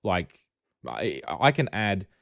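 A man's voice: sits low, very animated, takes it slowly, gravelly, fairly bright tone, dry recording, clean studio sound. A man with an Australian accent hosting a casual tech podcast, rambling and wry, often correcting himself mid-sentence. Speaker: podcast host.

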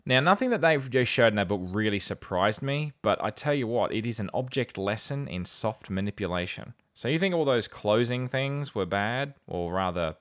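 A man's voice: on the low side, expressive, normal speed, hardly any pauses, fairly bright tone. A man hosting a casual podcast, reading out excerpts with wry, dry sarcasm. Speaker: podcast host.

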